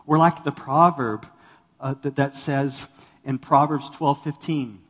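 An animated male pastor delivers a sermon to his congregation, acting out the people he quotes. His voice sits a bit high for a man. It rings with the long reverb of a big church hall. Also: slow pace.

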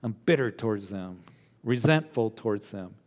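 A man preaching a sermon with an animated, emphatic conversational manner. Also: on the low side, normal speed. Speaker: pastor. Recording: long hall reverb.

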